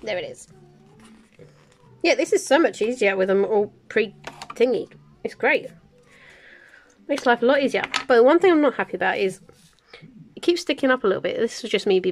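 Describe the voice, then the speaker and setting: A woman's voice: medium pitch, slight background noise. A woman hosting a crafting video, chatting casually and muttering numbers to herself as she sorts supplies. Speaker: crafting channel host. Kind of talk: casual chat while kitting up a diamond painting.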